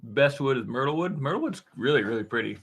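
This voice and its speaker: A man in his thirties hosting a casual live stream, answering chat questions in a relaxed, rambling way with plenty of fillers and restarts. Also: medium pitch, quick pace, slightly rough. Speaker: woodworking channel host answering live chat. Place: dark-painted home studio room.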